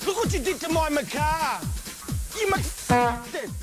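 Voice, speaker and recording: A man's voice: very high voice, expressive, slow pace, loud music behind the voice, heavily acted. An actor playing a taunting rival man in a film clip.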